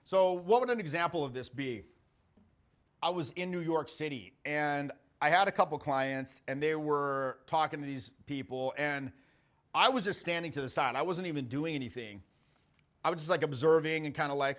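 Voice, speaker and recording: A man's voice: fairly high pitch, moderate pace, fairly bright tone. A man in his forties, a social skills coach, giving a blunt, jokey coaching talk full of stories and swearing. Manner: blunt, profane, jokey storytelling.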